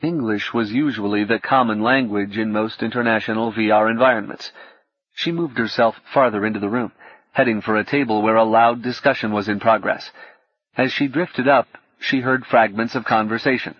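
A man reading an audiobook in steady, measured scripted narration. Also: lowish voice, no echo, highs cut off.

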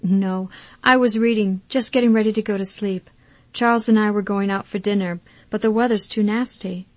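A woman's voice: mid-range voice, steady tone, normal speed, dry recording, close to an everyday voice. A woman voicing a happy, newly engaged young daughter who talks eagerly and chats on the phone in an audiobook. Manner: eager and chatty. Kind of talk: audiobook character reading.

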